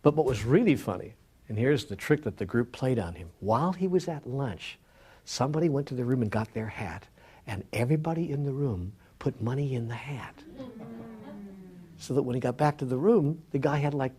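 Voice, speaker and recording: A man giving a spiritual talk as an animated storyteller, acting out dialogue and sometimes dropping to a soft near-whisper. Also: mid-range voice, moderate pace, breathy edge. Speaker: spiritual speaker.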